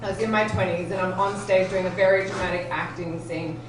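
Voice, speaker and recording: A woman's voice: lowish voice, steady tone, a little fast, noisy background. A woman in her thirties with an Australian accent, performing a stand-up comedy set with self-deprecating, giggly storytelling. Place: comedy club stage with live audience. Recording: echoey room, distant mic, loud ambience.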